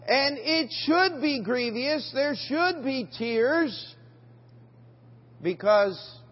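The pastor's voice is very high-pitched and husky as he delivers a sermon in a church sanctuary. Between questions to the congregation, he reads scripture in old King James wording; the recording is dull and heavily reverberant.

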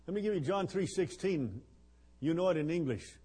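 Older man, 70s, husky and fairly high-voiced, chatty joking preacher at a missions gathering. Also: animated, moderate pace, dark tone. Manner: joking, rambling, with chuckles and fillers. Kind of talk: folksy sermon.

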